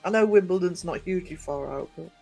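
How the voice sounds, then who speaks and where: A middle-aged man with a soft Northumbrian accent, chatting casually with live viewers, greeting them by name and rambling with many fillers and restarts. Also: sits high, fast talker, creaky, soft background music. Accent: Northumbrian English. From North East England. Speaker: livestream host.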